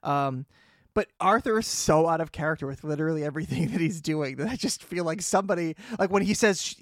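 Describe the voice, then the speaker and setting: A man's voice: a little high, quick pace, dry recording, clean studio sound. A man co-hosting a podcast, recapping a TV episode in casual, joking chat and acting out the characters' lines. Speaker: podcast co-host.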